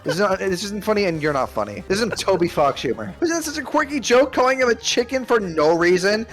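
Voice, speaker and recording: A man's voice: high-pitched, big pitch swings, fairly quick, a bit bright, low-quality recording. A man in casual chat, ranting and complaining in an exasperated way. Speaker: streamer's friend on call. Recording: music playing behind.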